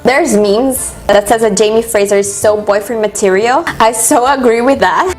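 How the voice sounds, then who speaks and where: A woman's voice: fairly high pitch, normal speed, faint music behind, rough recording. A young woman from Brazil with a Brazilian Portuguese accent, a native Portuguese speaker, chatting to camera in a gushing, enthusiastic way. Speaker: vlogger. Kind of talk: casual chat to camera.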